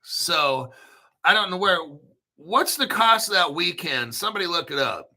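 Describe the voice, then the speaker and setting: Brash cussing guy ranting on his crypto stream, gravelly, keeps clearing his throat. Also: sits high, animated, moderate pace, bright, forceful tone. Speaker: crypto show host. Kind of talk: casual livestream rant.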